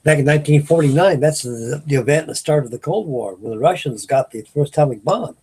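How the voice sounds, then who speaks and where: Older husky-voiced man rambling. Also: fairly high pitch, a little fast, a little mellow. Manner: folksy, meandering, restarts sentences. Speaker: host of a live stream. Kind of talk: rambling casual chat to viewers. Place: home at night.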